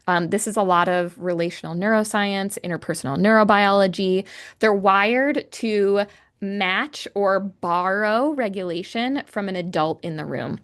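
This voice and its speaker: A woman's voice: medium pitch, measured pace, fairly bright tone. A woman hosting an educational podcast as a creative arts therapist, explaining ideas step by step in an earnest way and often restarting or correcting herself as she thinks aloud. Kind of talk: solo educational podcast talk.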